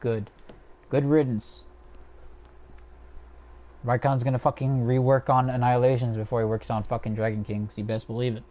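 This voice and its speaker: A man's voice: medium pitch, little pitch movement, normal speed, long pauses, dark tone. A young man hosting a livestream from home, ranting casually and profanely with many fillers and restarts. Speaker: livestream host ranking characters.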